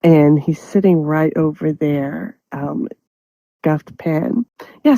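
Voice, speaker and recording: A woman's voice: deep voice, mellow, no echo, low-quality recording. A woman hosting a show, telling a funny story in casual chat and laughing through her words. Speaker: show host. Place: studio.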